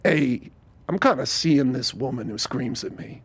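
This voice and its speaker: A man's voice: high voice, expressive, moderate pace. A man playing a miserable, down-on-his-luck male ex-fighter who talks bluntly. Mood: glum.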